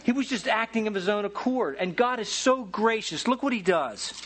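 A male pastor with a high-pitched voice delivers a sermon in an animated, folksy storytelling manner with touches of humor. Faint background noise sits under his voice. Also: normal speed.

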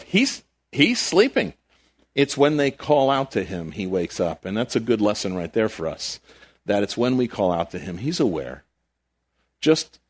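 A middle-aged man preaching a conversational sermon, with sudden rises in emphasis and quiet drops. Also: lowish voice. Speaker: pastor.

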